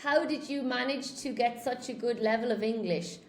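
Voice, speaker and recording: A woman's voice: on the high side, normal speed, darkish tone, roomy sound. A woman English teacher, from Spain, giving a chatty live lesson and reading out viewer comments.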